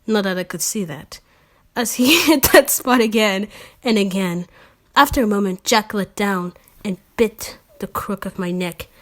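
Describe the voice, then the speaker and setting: Woman host, mocking fanfic read-through, sarcastic asides, trips over words. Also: medium pitch. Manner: sarcastic asides, slips and self-corrections. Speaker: channel host. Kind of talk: mocking reading of fan fiction.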